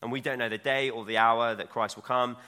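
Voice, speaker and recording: A man's voice: mid-range voice, steady tone, brisk, bright, forceful tone, clear, resonant tone. A young man preaching a sermon in a church, chatty and self-mocking as he talks. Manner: conversational, self-mocking asides. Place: church hall. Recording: long hall reverb.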